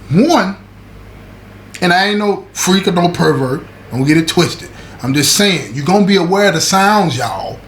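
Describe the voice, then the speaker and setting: Male storyteller, fairly high voice, animated and slangy, keeps asking if you follow him; roomy echo. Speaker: show host recounting prison stories. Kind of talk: casual storytelling to viewers. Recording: echoey room with faint background noise.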